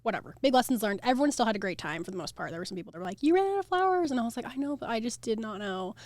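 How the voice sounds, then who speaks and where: A young woman with an American accent, a flower farm owner chatting as a guest, animated and full of "like" fillers. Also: mid-range voice, racing, no echo. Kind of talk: casual interview chat.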